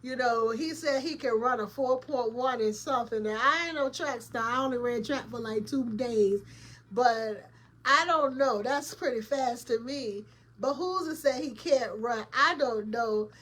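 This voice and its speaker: A woman's voice: on the high side, a little slow, fairly bright tone. A woman hosting a casual commentary vlog, chatty and opinionated, talking straight to her viewers with colloquial emphasis. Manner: chatty, opinionated, laughs often, addresses viewers directly. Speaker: host.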